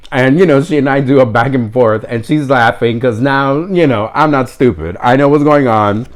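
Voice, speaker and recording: A man spins a casual story at an easy, mid-range pitch. His delivery is wry and sarcastic, with deadpan asides. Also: moderate pace, few pauses. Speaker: vlogger.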